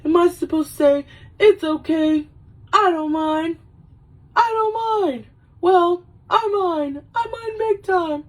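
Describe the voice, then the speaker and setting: A woman's voice: very high voice, takes it slowly, voice pushed up. A woman voicing an exasperated young man, quoting his lines with indignant sarcasm. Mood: aggrieved. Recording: voice a little far from the mic.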